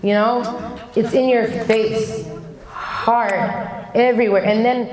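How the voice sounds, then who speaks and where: A woman's voice: on the high side, steady tone, slow pace, music in the background. A woman in her thirties from Somalia giving a candid, chatty motivational talk to young people and acting out the voices of family and friends. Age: 30s. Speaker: motivational speaker. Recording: echoey hall.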